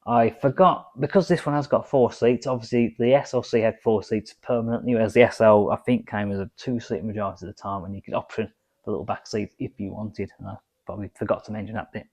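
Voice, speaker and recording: A man's voice: lowish voice, steady tone, quick pace, a little mellow. A man hosting his own car vlog, reading quiz answers aloud and chatting between them with casual asides. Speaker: car vlogger.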